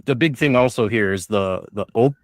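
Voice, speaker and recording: A man's voice: lowish voice, dry recording, studio quality. A man co-hosting a podcast, chatting wryly and acting out little phrases. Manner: wry, quick to laugh, acts out phrases. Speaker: podcast co-host. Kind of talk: casual chat.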